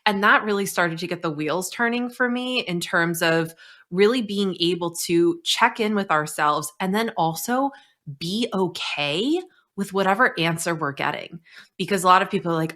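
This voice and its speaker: A woman's voice: mid-range voice, moderate pace, a bit bright. A woman hosting a podcast conversation, a former therapist talking candidly and animatedly, swearing casually. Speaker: podcast host.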